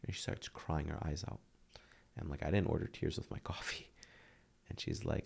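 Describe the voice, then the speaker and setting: A man in his thirties talks about hard times in an earnest, heartfelt way. His voice is very deep with a gravelly fry, and it often softens nearly to a whisper. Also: fairly even intonation, brisk. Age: 30s. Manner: earnest, heartfelt, drops to a near whisper at tender moments. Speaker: podcast guest. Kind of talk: emotional interview talk.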